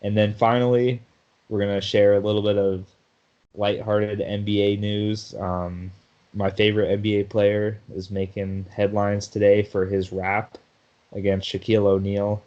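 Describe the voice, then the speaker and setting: Man, low voice, chatty sports podcast host, laughs a lot, dull lo-fi sound. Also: little pitch movement, measured pace, darkish tone. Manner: chatty, laughs often, restarts mid-sentence. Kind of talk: casual sports talk.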